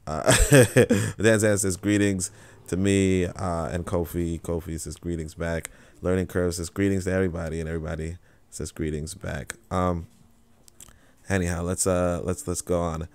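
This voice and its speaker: Low-voiced man hosting a livestream reading. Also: little pitch movement, darkish tone, no echo. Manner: reads quotes slowly and deliberately, then chats loosely with fillers. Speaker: livestream host reading and commenting on an essay. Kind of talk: live-streamed reading with casual commentary.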